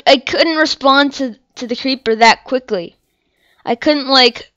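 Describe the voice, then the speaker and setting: A woman's voice: a little high, smooth, no echo. A young woman commentating her own game, rambling and apologetic, and crying out in frustration when she loses. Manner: upset, cries out and shouts after dying. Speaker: gameplay channel host. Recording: dull lo-fi mic sound.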